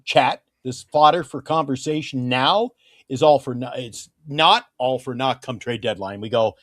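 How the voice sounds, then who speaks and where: A man's voice: mid-range voice, a little slow, a bit bright, dry recording, studio quality. A man co-hosting a casual sports talk stream, opinionated and emphatic, often turning to the host by name.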